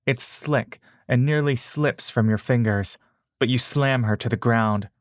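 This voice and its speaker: A man narrating a fantasy adventure story in the second person, in a measured, steady way. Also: medium pitch, no echo, studio quality.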